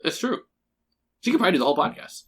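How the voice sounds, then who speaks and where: A man's voice: high voice, very animated, racing, slightly rough. A young man co-hosting a podcast, cracking dry, self-deprecating jokes. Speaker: podcast co-host. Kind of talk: casual chat.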